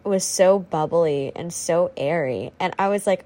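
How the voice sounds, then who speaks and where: A woman's voice: lowish voice, measured pace, few pauses, dark tone. A young woman hosting her own podcast, rambling and ranting casually with lots of fillers and swearing, on a faulty home microphone. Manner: chatty, swears freely, rambling with many fillers. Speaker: podcast host. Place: at home with a squeaky chair.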